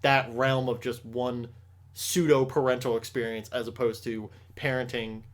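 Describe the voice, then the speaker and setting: A man's voice: medium pitch, little pitch movement, normal speed. A young man hosting a podcast, chatting casually, rambling and swearing often with lots of restarts. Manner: rambling, profane, frequent restarts. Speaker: podcast host.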